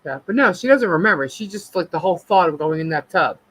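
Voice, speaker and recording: A woman's voice: lowish voice, animated, fast, fairly bright tone, a little hiss or hum, low-quality recording. A woman co-hosting a casual live chat, telling stories and acting out her pets. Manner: chatty storyteller, acts out her pets. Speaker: co-host.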